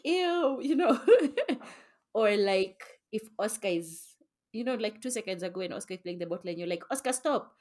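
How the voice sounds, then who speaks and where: A woman's voice: fairly low pitch, darkish tone. A young woman co-hosting a podcast with her sisters, talking reflectively in casual chat and swearing now and then. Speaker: podcast co-host.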